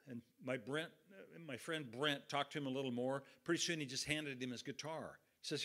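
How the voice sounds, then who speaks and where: Middle-aged guy preaching, chatty storytelling, bright voice. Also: medium pitch, steady tone, a little fast, hardly any pauses. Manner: folksy, conversational, acts out quotes. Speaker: pastor. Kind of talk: storytelling sermon.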